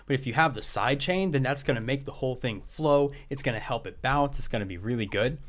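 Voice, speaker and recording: A man giving casual live-stream feedback on listeners' tracks as a music producer, relaxed and loose, often saying "like" and laughing at himself. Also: mid-range voice, fairly quick.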